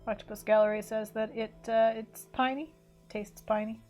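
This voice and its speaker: A woman's voice: fairly high pitch, level tone, moderate pace, a little mellow. Woman streamer rambling over faint music. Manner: rambling, self-correcting, mock sports commentary. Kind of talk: casual livestream chat while drawing.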